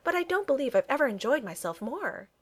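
A woman's voice: fairly high pitch, very animated, brisk, pitched above the performer's own voice. A woman doing a sweet earnest young lady. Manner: earnest, proper phrasing.

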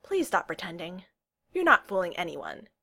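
A woman's voice: fairly low pitch, very animated, moderate pace, vocal fry, bright, forceful tone, heavily acted. A woman voicing a blunt, squeamish young man in a storybook reading.

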